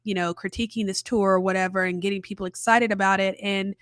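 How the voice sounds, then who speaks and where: A woman's voice: medium pitch, fairly even intonation, fast talker, a bit bright, clear, resonant tone, dry recording. Chatty woman reviewing a film, dry sound. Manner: chatty, frequent "you know" fillers; wry, exaggerated exasperation. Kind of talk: casual spoken film review.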